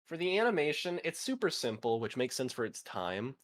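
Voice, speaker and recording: A man's voice: medium pitch, sing-song, fairly quick. A man in his twenties chatting casually with a friend, swearing now and then and reading facts aloud. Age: 20s. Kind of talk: casual chat.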